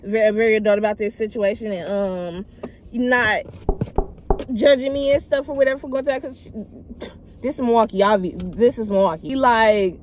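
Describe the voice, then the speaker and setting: A woman's voice: mid-range voice, moderate pace, slight background noise. A young woman vlogger chatting casually as she tells a personal story, emphatic and rambling, talking straight to her viewers. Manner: animated, emphatic retelling with loud acted quotes; slangy, rambling, addresses viewers as y'all.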